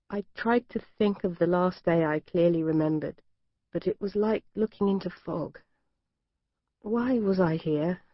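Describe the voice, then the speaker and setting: A woman's voice: lowish voice, no echo. A woman reading a thriller aloud, in tense first-person narration. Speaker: audiobook narrator. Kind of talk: scripted narration. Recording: dry, slightly dull studio.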